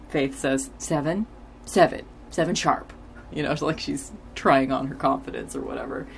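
A woman's voice: low voice, darkish tone, a little hiss or hum. A woman in her forties casually recapping a TV episode as a podcast host, rambling with lots of filler words and easy laughs.

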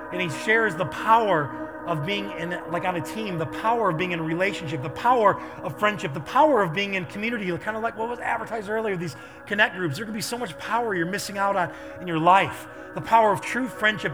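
A man preaching a sermon as pastor, telling stories in an animated way that builds to loud intensity. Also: high-pitched.

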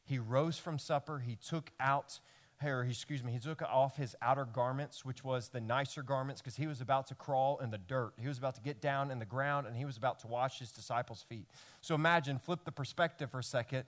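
A man's voice: medium pitch, fairly quick. Male pastor preaching a storytelling sermon. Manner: storytelling, swinging between loud emphasis and hushed lines. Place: church service before a congregation.

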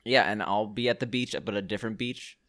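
A man's voice: fairly low pitch, fairly even intonation, a bit bright. Joking man, casual podcast banter. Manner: joking, quick to laugh. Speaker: podcast co-host. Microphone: remote call.

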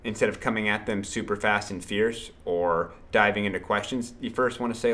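A man hosting a solo sales podcast, talking in an energetic, punchy way, repeating phrases and swearing casually. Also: on the low side, fairly quick, hardly any pauses.

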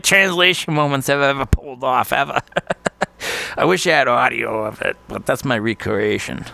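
A man's voice: mid-range voice, vocal fry, a bit bright. A man hosting a podcast, rambling casually in a monologue, swearing constantly and laughing often. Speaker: podcast host.

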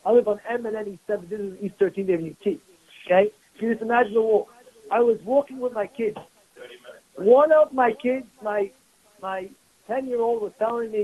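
Husky high-voiced rabbi preaching. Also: male voice, a little fast, narrow, tinny audio. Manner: emphatic, repetitive rhetorical questions. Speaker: rabbi teaching a weekly class. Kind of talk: Torah class sermon.

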